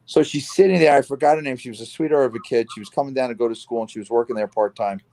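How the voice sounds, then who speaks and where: A middle-aged man from New Jersey hosting a casual chat, telling stories in a lively way and acting out the voices of the people in them. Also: medium pitch, rapid-fire, a little hiss or hum. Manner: animated storyteller, acts out quoted voices. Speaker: host.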